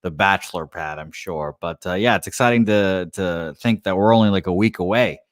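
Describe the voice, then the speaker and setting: Rambling low-voiced man, dry close mic. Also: a little fast, no echo. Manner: rambling, self-deprecating, many fillers. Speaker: co-host. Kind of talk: casual chat and race calling. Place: his new apartment.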